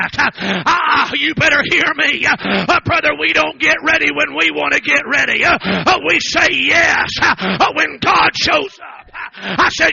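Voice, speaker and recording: A preacher with a piercing, high voice, shouting in bursts and punctuating every line with breathy "uh"s. His tone is harsh and gravelly. The church recording is dull and lo-fi. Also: lively intonation, a little slow. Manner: tells stories, acting out the voices in them. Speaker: pastor. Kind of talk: fiery revival sermon. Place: church service.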